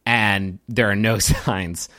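A man's voice: lowish voice, fairly even intonation, slow pace, pushed and bright, no room sound, studio quality. A man narrating a tabletop game as game master, rambling with lots of fillers.

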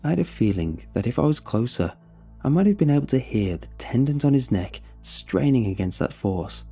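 Low mellow guy reading a creepy story, lots of ups and downs in his voice. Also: vocal fry, husky. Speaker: narrator. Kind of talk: scripted horror story narration.

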